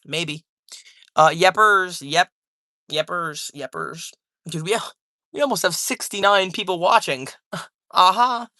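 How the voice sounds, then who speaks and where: A man's voice: sits high, a little slow, pauses often, pushed and bright, no echo, clean studio sound. A young man casually chatting with his livestream viewers at home, loose and rambling, peppering his talk with dude and bro. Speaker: livestreamer reading chat.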